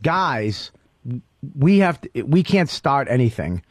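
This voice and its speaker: A man hosting a late-night radio talk show, crude and animated, often acting out quotes. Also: mid-range voice, takes it slowly, no room sound. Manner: animated and profane, quotes people in voices. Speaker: host.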